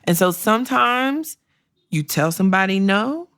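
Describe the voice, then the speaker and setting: Middle-aged woman podcast host, low and gravelly, sassy and blunt advice delivery, dry close recording. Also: big pitch swings, unhurried, fairly bright tone, dry recording. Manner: blunt, sassy and conversational, with laughs and acted-out quotes. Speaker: podcast host and career coach. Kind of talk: candid solo podcast advice.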